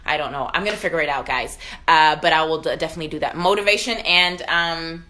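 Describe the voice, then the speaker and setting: A young woman hosting a casual live stream from home, chatting warmly with viewers, answering their comments and laughing often. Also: low voice, fast talker, slight background noise.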